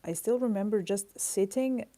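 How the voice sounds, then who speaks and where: A woman chatting casually on a live stream while she draws at her desk, talking softly and thinking aloud with pauses and fillers. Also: medium pitch. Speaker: artist streaming her drawing. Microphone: camera mic.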